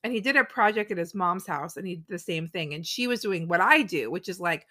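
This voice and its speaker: A woman in her thirties with a lowish voice talks a little fast and rarely pauses as she co-hosts a podcast. Chatting casually, she leans on "like" constantly and animates the lines she quotes.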